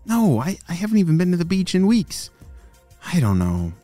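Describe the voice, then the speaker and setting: A man voicing a young boy who panics easily, his voice going high and frantic. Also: wildly swooping pitch, dark tone, dry recording, faint music behind. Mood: flustered. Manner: high, frantic and rushed when scared.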